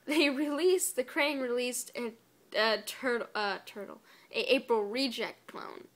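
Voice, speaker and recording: Woman, cartoon episode reviewer, chatty, exasperated, lots of "like", fairly high voice. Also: measured pace, a bit bright. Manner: chatty, exasperated, fond of "like", with whispered asides. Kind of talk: casual spoiler review.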